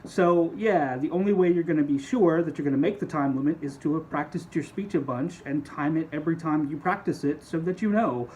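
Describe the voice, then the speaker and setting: Male speech teacher, slightly high voice, casual lecture manner, faint hiss behind. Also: darkish tone, low-quality recording. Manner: casual, conversational, explains with quick demonstrations. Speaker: speech instructor. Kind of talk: recorded lecture.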